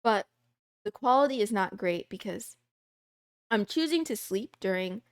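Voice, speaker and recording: A woman's voice: mid-range voice, animated, a little slow, dry recording, studio quality. A young adult woman streamer chatting casually and playfully with her live chat, rambling from topic to topic. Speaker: VTuber streamer.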